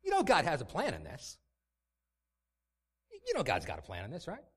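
A man's voice: fairly high pitch, wildly swooping pitch, racing, dark tone, slightly rough, exaggerated voice. A man putting on the voice of a glib, preachy man who offers tidy platitudes in a mocking, sing-song tone.

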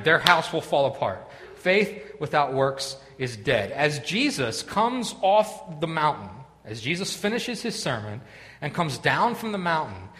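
A male pastor tells a story from the pulpit in an animated, rambling way, piling up restarts and asides. His voice sits a little high and swings widely in pitch. A long hall reverb trails every phrase. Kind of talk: storytelling sermon. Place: church sanctuary.

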